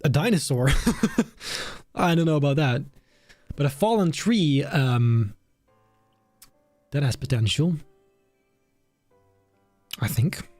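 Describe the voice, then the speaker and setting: A man's voice: fairly high pitch, lively intonation, slow, pauses often, a little mellow, no echo. A young British man chatting casually on a live stream as he builds, thinking aloud and poking fun at himself. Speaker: streamer building a theme park. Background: faint background music.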